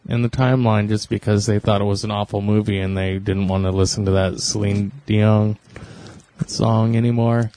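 A man's voice: fairly low pitch, flat delivery, moderate pace, dark tone, no room sound. Laid-back man chiming in on air. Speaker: radio co-host. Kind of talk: casual on-air chat.

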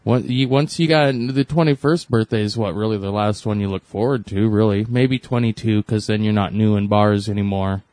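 A man's voice: on the low side, fairly even intonation, moderate pace, few pauses, darkish tone, dry recording. A man co-hosting a casual podcast chat, musing and agreeing.

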